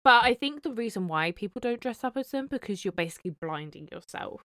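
A woman co-hosts a casual podcast in a smooth, clear voice, recorded dry and close. She explains things at an easy pace, often pausing on "um". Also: mid-range voice, no echo. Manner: relaxed, explains, many "um"s. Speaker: podcast co-host. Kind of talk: casual chat.

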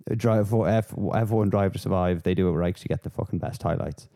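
A man hosting a podcast, rambling through casual, sweary, animated rants. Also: low voice, fast talker. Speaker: podcast host. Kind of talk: casual chat.

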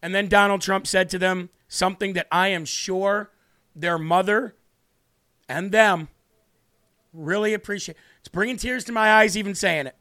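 This livestream host delivers earnest, repetitive political commentary while growing tearful. His voice is high and sharp, and his pace is normal.

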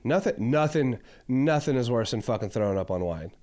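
A man co-hosting a podcast in casual chat, telling an animated story full of swearing and acted-out voices. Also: mid-range voice, fairly quick. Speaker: podcast co-host.

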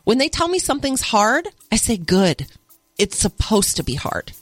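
A woman's voice: fairly high pitch, big pitch swings, normal speed, no echo. A woman speaking as a podcast guest, earnestly retelling moments with her children as a single mother. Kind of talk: personal storytelling in a podcast interview.

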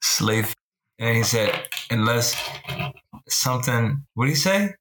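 A man co-hosting a casual podcast chat, telling stories in an animated, slangy way and laughing often. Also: medium pitch, slow, background noise. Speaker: podcast co-host.

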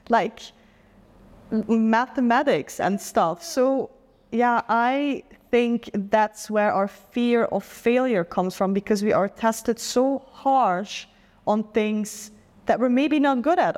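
A woman's voice: on the high side, takes it slowly, darkish tone, long reverb tail. A young adult woman from the Netherlands with a Dutch accent, a guest in a casual interview chat who talks earnestly and reflectively, often saying "like".

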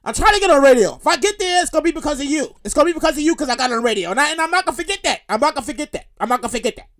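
A man hosting his own comedy show, rambling and repeating himself, with animated outbursts. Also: extremely high pitch, rapid-fire. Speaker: podcast host. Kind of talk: comedic solo monologue.

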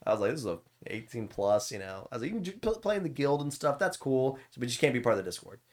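A man's voice: medium pitch, big pitch swings, racing, darkish tone. A young man who streams games, telling rambling stories in casual podcast chat, swearing and laughing often.

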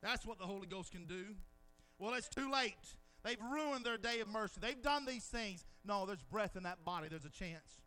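High bright-voiced preacher with shouting peaks. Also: male voice, moderate pace, faint music behind. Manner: swings from near-whispers to shouted peaks; dramatizes scenes with quoted dialogue. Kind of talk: sermon.

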